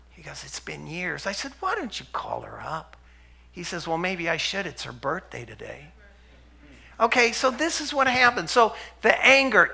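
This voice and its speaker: Gravelly, bright-voiced man preaching. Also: sits high. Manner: storytelling, acts out dialogue, drops to a hush for quotes. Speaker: preacher and health center speaker. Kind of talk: sermon-style testimony.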